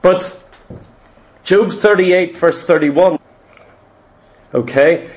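A man's voice: very high voice, a little slow. A man preaching a sermon, emphatic and full of repeated rhetorical questions.

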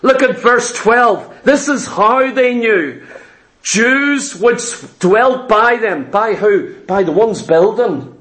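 A man's voice: high-pitched, animated, takes it slowly, fairly bright tone. A man preaching a sermon, emphatic and repetitive, acting out voices of his congregation. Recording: echoey church hall.

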